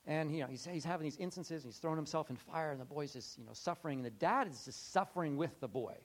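A man's voice: fairly high pitch, quick pace. A man preaching a casual sermon in a conversational way, acting out the voices of people he quotes. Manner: conversational, acts out quoted voices, many restarts. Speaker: pastor.

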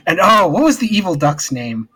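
A man's voice: fairly high pitch, very animated, sharp tone, slightly rough. A man co-hosting a casual podcast chat, talking eagerly and nostalgically, with frequent restarts. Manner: enthusiastic, nostalgic, halting restarts. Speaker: podcast co-host.

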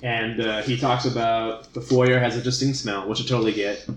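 A man's voice: mid-range voice, fairly even intonation, normal speed. A man co-hosting a casual book discussion, loose and rambling with many fillers. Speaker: podcast co-host. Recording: echoey room with faint noise.

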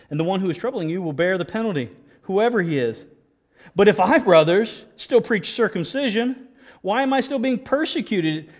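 In a high-pitched voice, a man preaches a sermon as pastor with lots of energy, frequently restarting words and throwing in joking remarks to the congregation.

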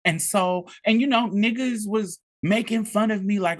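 A man speaks with a voice pitched a bit high. He tells a painful story of his youth in an intense, profane, tearful way, talking quickly. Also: fairly bright tone. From rural Mississippi. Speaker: podcast co-host. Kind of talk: emotional personal storytelling.

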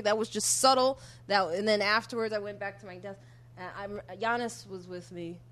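A woman comedian with a New York accent telling a story in casual chat, swinging from quiet asides to loud bursts. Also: medium pitch, fairly even intonation, normal speed. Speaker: comedian guest.

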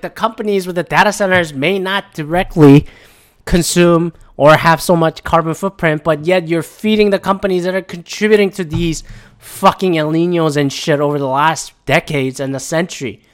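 A man's voice: fairly high pitch, fairly bright tone. A man in his thirties who works in tech, ranting in a casual, profane and rambling monologue that keeps drifting off on tangents. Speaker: tech worker ranting on current events.

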